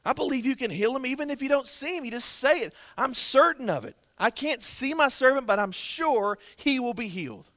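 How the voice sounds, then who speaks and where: A man's voice: very high voice, animated, brisk, hardly any pauses, a bit bright, no echo, voice pushed up, heavily acted. A man voicing Jesus as an adult man who marvels at faith and exhorts with rising emphasis, inside a sermon. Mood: exhorting.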